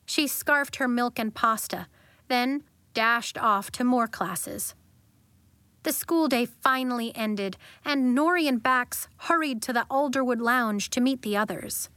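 Woman narrator, fairly high voice, dry close recording; expressive storybook reading. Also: a little slow, smooth, no room sound. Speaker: audiobook narrator. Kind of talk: scripted narration.

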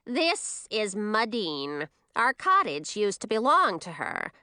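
A woman voicing a polite, apologetic witch who speaks slowly and carefully. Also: mid-range voice, big pitch swings, pushed and bright, clear, resonant tone, no echo, studio quality, heavily acted.

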